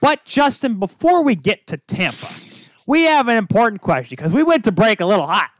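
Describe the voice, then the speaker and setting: Young male co-host, excitable and emotional, high bouncing pitch, dry close mic. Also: no room sound. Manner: excitable, emotional, quick to raise his voice. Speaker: podcast co-host. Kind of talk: casual chat.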